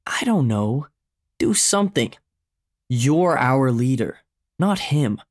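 A man's voice: mid-range voice, very animated, slow pace, voice pushed up, full character voice. A skinny teenage boy, put on by a male storyteller, anxious and pleading. The voice sits a little above the narrator's own. An audiobook character read.

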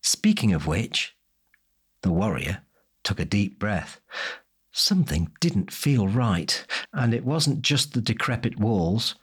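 A man narrating a fantasy audiobook in a measured, descriptive way. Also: on the low side, very animated, husky. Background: faint music.

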